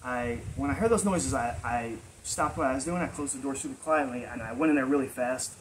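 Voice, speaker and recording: A man's voice: medium pitch, fairly quick, slight background noise, rough recording. Rambling man telling a story. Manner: rambling, full of fillers. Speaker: vlog storyteller. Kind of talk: casual personal storytelling.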